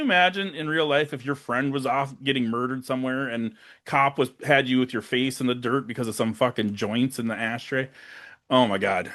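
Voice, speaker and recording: A man's voice: medium pitch, fairly even intonation, fairly quick, fairly bright tone. A young man co-hosting a casual podcast, animatedly retelling scenes and acting out characters' lines with plenty of swearing. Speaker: podcast co-host. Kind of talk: casual movie recap chat.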